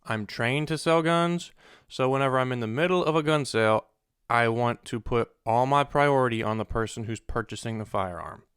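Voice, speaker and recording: A man's voice: mid-range voice, normal speed, fairly bright tone, clean tone, no echo, clean studio sound. A young man tells a casual story as a vlogger. He rants about customers in an exasperated way. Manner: exasperated, ranting.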